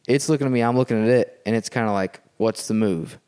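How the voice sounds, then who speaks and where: This man's smooth, mid-range voice comes out rapid-fire. Guesting on a podcast in a house, he narrates a story in casual chat with animation and keeps checking with his listeners, saying "okay?" as he goes.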